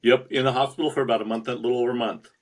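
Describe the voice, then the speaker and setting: A man's voice: mid-range voice, steady tone, racing. Sincere, determined man guest. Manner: sincere, determined, with slight restarts. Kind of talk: interview storytelling.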